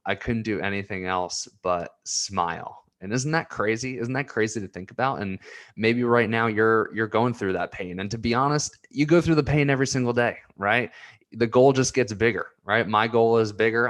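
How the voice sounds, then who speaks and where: A man's voice: lowish voice, a bit bright. A man in his twenties rambling earnestly in a personal vlog, getting emotional as he talks. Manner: emotional, earnest, repeats himself. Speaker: vlogger.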